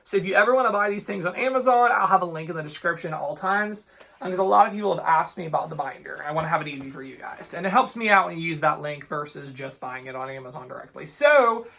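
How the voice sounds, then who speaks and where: A young man in his twenties, chatting casually to his vlog audience. His voice is bright and forward, with a gravelly fry at the ends of phrases. He tells his stories with animated, exasperated energy. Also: a little high, fast. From Ohio, USA. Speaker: couponing vlogger.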